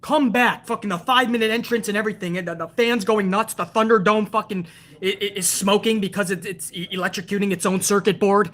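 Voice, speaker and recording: A woman's voice: medium pitch, fairly even intonation, quick pace. A woman hosting a show, ranting hard with profanity about wrestling and answering viewers in a live chat. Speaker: show host.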